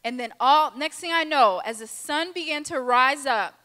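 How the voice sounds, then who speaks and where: Bright high-voiced woman telling her story. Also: normal speed. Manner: lively storytelling, acts out quoted people. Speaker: conference speaker. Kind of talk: testimony talk to a youth audience. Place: large conference hall. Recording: reverberant hall.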